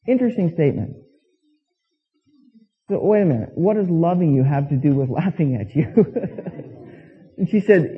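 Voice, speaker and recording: A man's voice: high-pitched, animated, takes it slowly, long pauses, breathy edge. A man preaching a sermon as pastor, telling stories and acting out quoted voices with emphasis. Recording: tinny phone-like sound with long reverb.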